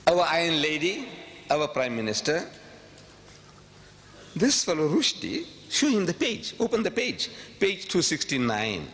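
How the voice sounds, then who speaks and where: A man giving a public lecture to an audience, emphatic and rhetorical, repeating phrases and swinging from quiet asides to sudden high outbursts. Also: very animated, a little slow. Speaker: public speaker. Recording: long hall reverb, faint background noise.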